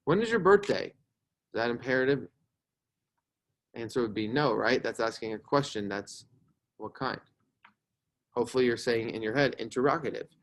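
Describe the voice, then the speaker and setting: A man's voice: mid-range voice, steady tone, normal speed, pauses often. A young man teaching a grammar lesson to a class, explaining patiently and checking in with "right?" as he goes.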